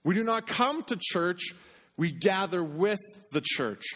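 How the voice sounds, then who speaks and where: A man preaching a sermon in an earnest way, repeating phrases for emphasis and dropping to a hush on key points. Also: high-pitched, expressive, a little slow. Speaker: pastor.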